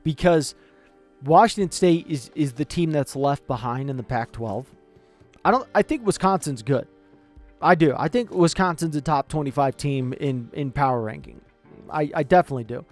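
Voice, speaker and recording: Male sports commentator, animated and rambling, slightly high voice, light music bed. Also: moderate pace. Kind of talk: casual opinionated chat.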